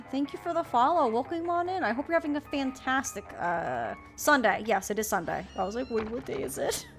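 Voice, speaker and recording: A bubbly woman streamer talks to her chat in a high, lively voice that swings all over. Soft game music plays behind her. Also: moderate pace. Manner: bubbly, chatty, playful asides to chat. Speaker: streamer playing a mystery game. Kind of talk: casual live-stream chat.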